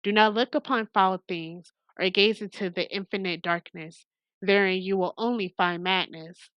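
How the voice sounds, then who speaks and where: A woman's voice: mid-range voice, fairly even intonation, moderate pace, no echo, dull audio, lightly acted. A woman voicing a stern older woman baker who gives ominous warnings, reading a visual novel aloud.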